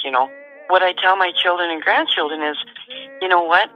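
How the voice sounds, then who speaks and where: A middle-aged woman, calmly and matter-of-factly telling a personal story as a guest. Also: lowish voice, brisk, dull audio, soft background music. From Canada. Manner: calm, matter-of-fact storyteller.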